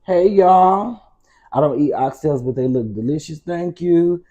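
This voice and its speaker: A man's voice: on the high side, normal speed, dark tone, lo-fi sound. A man with a Southern American accent hosting a casual cooking stream from his home kitchen, chatty and calling viewers "baby" and "y'all". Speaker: cooking show host.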